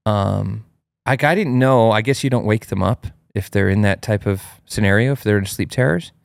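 Male host, 30s, low voice, animated storyteller, dry close sound. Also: moderate pace, gravelly, no room sound. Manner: animated, acts out his child's cries in a high voice. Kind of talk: casual storytelling chat.

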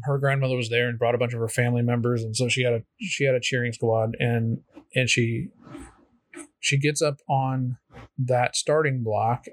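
A man at an ordinary mid pitch telling a motivational story, stopping and restarting often and filling the gaps. His voice sounds close and dry, with no room sound around it. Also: no room sound. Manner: halting, many fillers and restarts.

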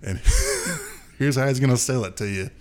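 Lively, laughing male podcast co-host. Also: medium pitch, moderate pace. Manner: animated storyteller who laughs often. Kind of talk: casual chat, telling a long made-up scenario.

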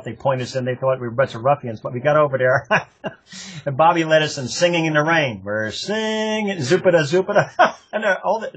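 Husky older man telling rowdy stories. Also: a little high, lo-fi sound. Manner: laughs often, rambling, animated, profane. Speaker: interview guest, longtime running club member. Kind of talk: casual anecdotal storytelling.

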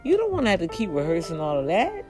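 A woman casually retelling a story, lively and expressive, acting out the people in it and dropping in religious asides. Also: quick pace, over music, rough recording. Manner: animated, acts out quoted voices with big pitch jumps.

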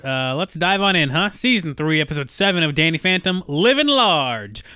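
A man's voice: on the high side, a little fast, bright, forceful tone, smooth, no room sound, clean studio sound. A man co-hosting a casual podcast, joking around and swearing freely as he walks through an episode. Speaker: podcast co-host.

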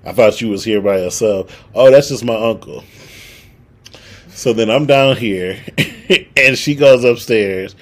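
A man's voice: medium pitch, a little slow, pauses often. A young man in his twenties co-hosting a podcast, telling a story in casual, profane chat and acting out what people said. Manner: animated, profane, acts out quoted dialogue. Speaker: podcast co-host.

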